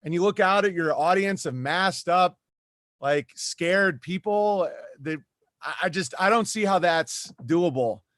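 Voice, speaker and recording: A man's voice: high voice, measured pace, fairly bright tone, dry recording, studio quality. A man who is a comedian, talking as a podcast guest and ranting in a rambling way with lots of asides. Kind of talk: animated podcast conversation.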